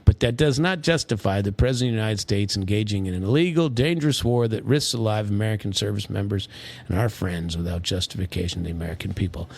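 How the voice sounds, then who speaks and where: A man's voice: lowish voice, fast talker, creaky, darkish tone. A man giving a casual, rambling commentary monologue, grumpy and sarcastic, with many restarts and fillers. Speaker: political commentator.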